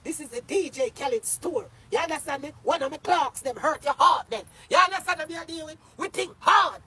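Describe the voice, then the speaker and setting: A man with a Jamaican accent in an angry livestream rant, cursing loudly and often shouting. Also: very high voice, fairly quick. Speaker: social media personality.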